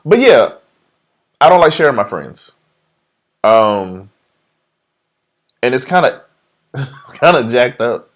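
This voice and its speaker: A man's voice: medium pitch, very animated, takes it slowly, pauses often. A man hosting a casual podcast chat, playfully defensive and breaking into laughter often. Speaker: podcast host.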